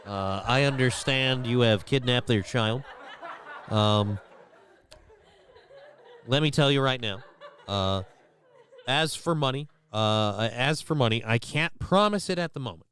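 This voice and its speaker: A man's voice: medium pitch, unhurried, pauses often, a bit bright, close to an everyday voice. A man putting on a formal, businesslike voice as a family's crisis management agent. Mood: mock formal. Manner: stiff, polite, businesslike. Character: calm male crisis negotiator, mock-formal.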